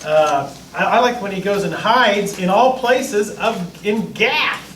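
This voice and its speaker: A man's voice: sits high, takes it slowly, a little hiss or hum. A man, a pastor, teaching a Bible class in a casual, joking way, acting out what the people in the stories say. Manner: joking, lively, acts out the lines of biblical people. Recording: echoey room, mic far off.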